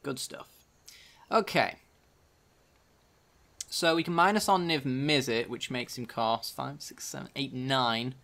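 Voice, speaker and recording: A man's voice: mid-range voice, takes it slowly, gravelly, pauses often, bright, forceful tone. Casual man thinking aloud over a card game. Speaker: gaming channel host.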